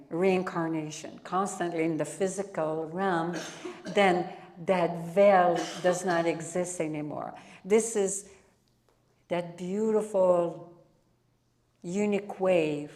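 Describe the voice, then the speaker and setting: A woman with a French accent leads a spiritual satsang in front of a live audience, taking her time over every phrase. Her voice sits somewhat low. She pauses and restarts as she searches for words. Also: a little mellow. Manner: unhurried, drawn-out phrasing with frequent restarts. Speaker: spiritual teacher.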